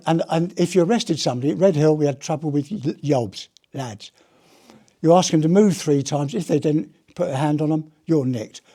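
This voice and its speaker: An older ex-police officer gives a live audience a chatty talk at a heritage gallery, wandering from anecdote to anecdote with plenty of restarts. His voice is warm and on the high side.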